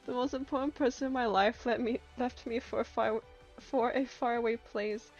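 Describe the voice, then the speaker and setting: Lady streamer reading game dialogue out loud, kinda high voice, muffled lo-fi sound, bit of music under. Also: moderate pace. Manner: reads narration aloud, breaking into laughs and excited outbursts. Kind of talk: game playthrough, reading story text aloud.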